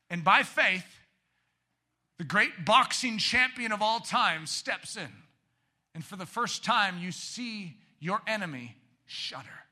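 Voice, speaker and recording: A man preaching a sermon, animated, shouting for emphasis and dropping to quiet asides. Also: high voice, normal speed. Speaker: pastor.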